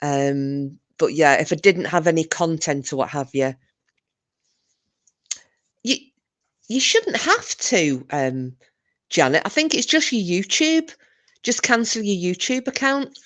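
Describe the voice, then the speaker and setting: A woman's voice: lowish voice, big pitch swings, takes it slowly, long pauses, a bit bright. A British woman chatting casually on a livestream, reading comments and telling a rambling story full of restarts. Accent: British English. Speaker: livestream host. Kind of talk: casual live chat reading viewer comments.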